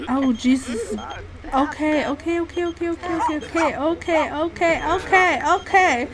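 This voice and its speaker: A woman commenting on a life-sim game as she plays, excitable and swearing freely while she narrates what her characters do. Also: very high-pitched, unhurried. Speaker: gaming channel host. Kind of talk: let's-play commentary.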